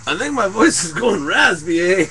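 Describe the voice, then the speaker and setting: A young comedy performer improvises a skit as a tough but sentimental ex-convict, drawling a tag of "eh?" after his lines. His voice is high-pitched, pushed, and bright, with big pitch swings, a moderate pace, and heavy acting.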